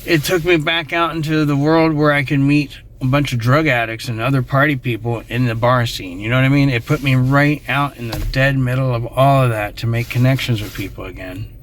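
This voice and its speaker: A middle-aged man telling a true personal story in a casual, rambling way, getting emotional and trailing off into quiet asides. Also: medium pitch, fairly even intonation, brisk, a little hiss or hum.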